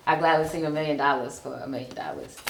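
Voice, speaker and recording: Onstage at a comedy club, a woman in her forties from Chicago does stand-up in a low, gravelly, very animated voice at a fairly quick clip. She is chatty and pokes fun at herself, dropping many ums. The room echoes and there's slight background noise.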